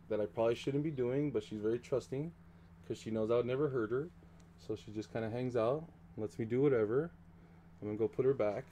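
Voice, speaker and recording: A man's voice: medium pitch, dark tone, slight background noise. A man streaming a video game, chatting casually and joking with his viewers. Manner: chatty and playful, jokes with viewers. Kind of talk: casual live-stream chat.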